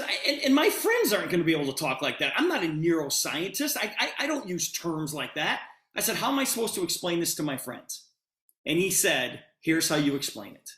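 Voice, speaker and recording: A man's voice: high voice, bright, forceful tone, reverberant. A man giving a sales presentation, retelling a conversation with lots of quoted dialogue. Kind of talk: storytelling sales pitch.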